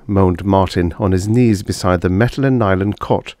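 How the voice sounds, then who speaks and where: A man reading a science fiction short story aloud in measured scripted narration. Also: low-pitched, mellow, no echo, clean studio sound. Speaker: audiobook narrator.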